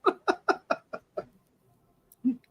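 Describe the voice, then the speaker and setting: A man with a sharp tone and drawn-out words hosts a casual football podcast. He playfully spins joking hypotheticals and laughs often in this relaxed sports talk.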